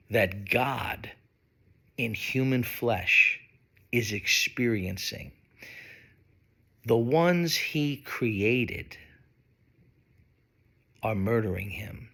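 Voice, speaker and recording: A man preaching a sermon, slow and emphatic, with dramatic pauses. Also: on the low side, gravelly, bright, forceful tone, slightly rough. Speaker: pastor.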